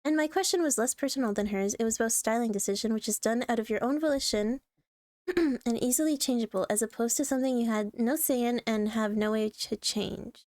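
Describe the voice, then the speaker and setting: A woman streaming casual commentary on online posts, talking bluntly with swearing, frequent throat clearing and lots of laughter. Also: a little high, brisk, darkish tone, dry recording, studio quality.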